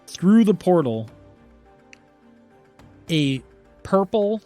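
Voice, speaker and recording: A man's voice: sits high, very animated, very slow, warm tone, faint music behind. A man running a tabletop game as game master, narrating playfully and laughing easily.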